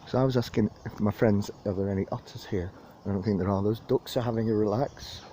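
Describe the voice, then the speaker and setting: A man's voice: fairly low pitch, steady tone, quick pace, mellow. Chatty man on a park walk. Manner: rambling, chatty, self-deprecating. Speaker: vlogger giving a walking tour. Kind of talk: casual walking commentary. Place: outdoors in a city park. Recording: outdoor wind and birdsong noise.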